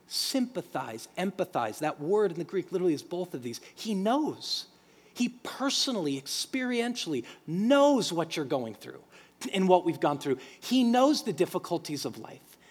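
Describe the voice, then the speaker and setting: A man preaching a sermon as pastor, emphatic and animated, quoting scripture in acted voices. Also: high voice, slightly rough. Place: church sanctuary. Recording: long hall reverb.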